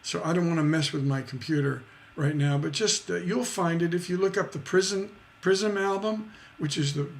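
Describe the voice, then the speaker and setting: A man's voice: fairly high pitch, moderate pace, vocal fry. A man teaching songwriting on a live stream, chatty and rambling, with many fillers and tag questions.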